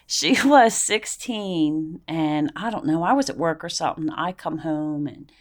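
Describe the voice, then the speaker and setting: Blunt, animated middle-aged woman. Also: sits low, measured pace. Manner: animated, blunt storyteller with swearing. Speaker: podcast host. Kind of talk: casual storytelling chat.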